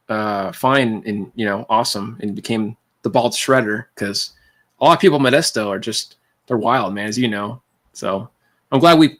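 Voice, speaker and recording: A laid-back man is hosting a livestream and chatting with his viewers, his voice sitting at an everyday middle pitch. He talks in loose, rambling runs, laughs a lot, and keeps calling people man and dude. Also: a bit bright. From California. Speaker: livestream host. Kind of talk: casual chat with viewers.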